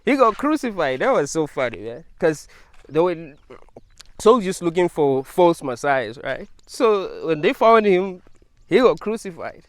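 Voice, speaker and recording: A man's voice: fairly high pitch, big pitch swings, measured pace, no room sound. A man talking casually to his viewers in a rambling monologue, laughing often and leaning on fillers. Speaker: video creator.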